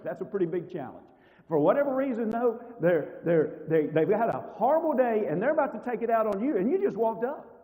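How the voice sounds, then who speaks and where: A man's voice: high-pitched, dark tone, big-room sound, poor audio. A man teaching a church marriage seminar class in a conversational way, often asking the audience rhetorical questions. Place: church hall.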